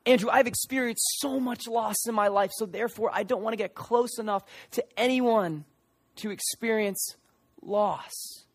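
High-voiced, impassioned young male preacher. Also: normal speed, no echo. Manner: impassioned, acts out voices of people in the story. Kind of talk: sermon.

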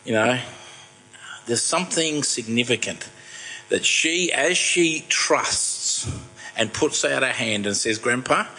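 A man in his sixties giving a sermon, telling personal stories in a conversational, self-deprecating way and dropping soft and slow when he turns reflective. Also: mid-range voice, poor audio. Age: 60s. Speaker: preacher.

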